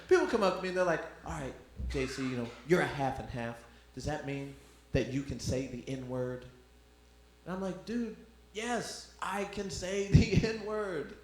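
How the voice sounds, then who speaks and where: A man doing a stand-up comedy set, animated and acting out voices in his stories. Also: medium pitch, moderate pace, a little hiss or hum. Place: club room with audience. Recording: echoey room.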